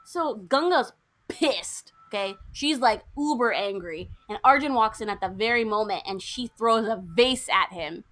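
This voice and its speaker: A young American woman co-hosting a podcast, retelling a movie's plot in a lively, indignant way. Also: on the high side, a little slow. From United States. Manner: animated, indignant storytelling with quoted lines. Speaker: podcast co-host. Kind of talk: casual movie recap chat.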